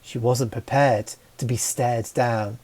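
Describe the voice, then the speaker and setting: A man reading a fantasy story aloud as narrator, with a slow, even delivery. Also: medium pitch. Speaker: audiobook reader.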